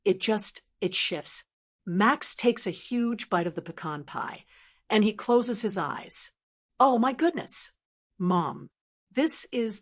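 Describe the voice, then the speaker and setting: An older woman narrating a first-person family story in a reflective, emotional way. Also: medium pitch.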